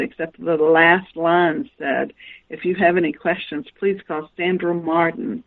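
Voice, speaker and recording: A woman's voice: fairly low pitch, fairly even intonation, normal speed, narrow, tinny audio. A woman guest author telling anecdotes in a radio interview and acting out the dialogue she quotes. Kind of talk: storytelling interview.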